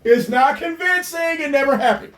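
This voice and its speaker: High-pitched mocking commentator. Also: lively intonation, moderate pace, a bit bright. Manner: mocking, profane, incredulous. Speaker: commentator reacting to a clip. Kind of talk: ranting reaction commentary.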